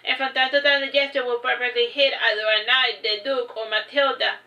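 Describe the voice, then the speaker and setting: A woman livestreaming a reading of her own book, halting, with slips and restarts. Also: fairly high pitch, level tone, sharp tone, lo-fi sound.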